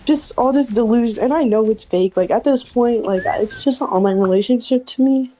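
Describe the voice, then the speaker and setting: A woman guest on a video call, telling her side casually, halting and full of "like" fillers. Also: a little high, mellow. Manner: halting, many "like" fillers and restarts. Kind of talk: casual recounting on a group stream.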